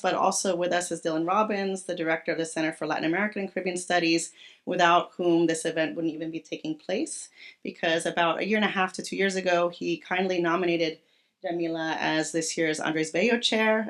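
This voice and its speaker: A woman, a native Spanish speaker, gives a formal introduction at an academic event, reading speaker bios with small self-corrections. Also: on the low side. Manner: self-deprecating, reads bios with small slips. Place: lecture hall.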